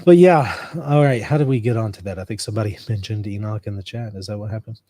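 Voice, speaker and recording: Speaking in a lowish, mellow voice, a US man runs a casual stream where he reads out what the chat says and riffs off it in a conversational way. There's no echo, and the sound is studio-clean.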